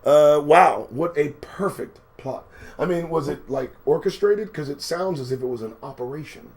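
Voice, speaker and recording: A man's voice: on the high side, moderate pace, a little mellow. A man hosting a live commentary stream, riffing casually with sarcastic, profane asides while reading out news items. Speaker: show host.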